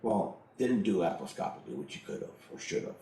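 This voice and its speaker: A man's voice: deep voice, very animated, fast talker, creaky, dark tone, echoey room, a little hiss or hum, low-quality recording. A middle-aged man telling a personal story in a blunt, profane way, laughing often as he goes. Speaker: interviewee.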